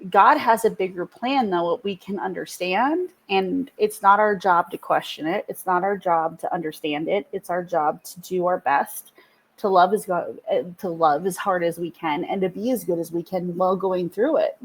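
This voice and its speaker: A woman's voice: fairly low pitch, normal speed, husky, rough recording. A woman co-hosting a faith podcast, telling a personal story in an earnest, heartfelt way that rises with feeling. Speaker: podcast co-host. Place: podcast studio.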